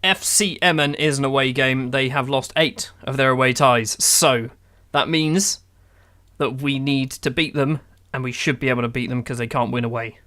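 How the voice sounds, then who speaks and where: A man's voice: medium pitch, fairly even intonation, moderate pace, sharp tone. A man playing a football manager game, giving sarcastic, exasperated running commentary on the matches. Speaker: gaming YouTuber.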